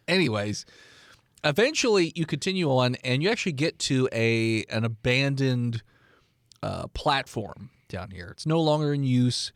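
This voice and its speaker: A man's voice: medium pitch, lively intonation, a little slow, no echo, studio quality. A man running an improv tabletop game as game master, narrating in a laid-back way with lots of fillers.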